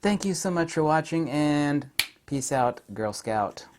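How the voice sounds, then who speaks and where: A man, rambling excitedly through a camera lens review with gushing asides. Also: a little high, a little slow, background noise.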